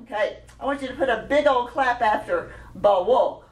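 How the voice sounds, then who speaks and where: A woman's voice: a little high, normal speed, hardly any pauses. A woman leading a children's music workshop for adults, chatty and upbeat, laughing often. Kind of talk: teaching a hands-on workshop. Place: meeting room at a conference session. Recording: roomy hall recorded from a distance. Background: group echoing chants.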